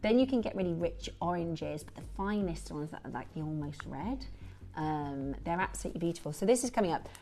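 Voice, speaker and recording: A woman presenting a live shopping show, chatty and excitable, with quick asides and repeated exclamations. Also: lowish voice, a little hiss or hum. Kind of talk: live sales chat.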